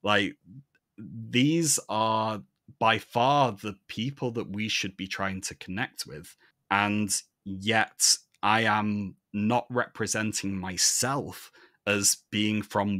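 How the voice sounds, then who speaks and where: Reflective soft-Northern-English man, low voice. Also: fairly even intonation, slow pace, dry recording, studio quality. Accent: soft Northern English, leaning toward received pronunciation. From Manchester, England. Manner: reflective, talks in long monologues. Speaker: podcast guest, podcaster. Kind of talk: casual conversation.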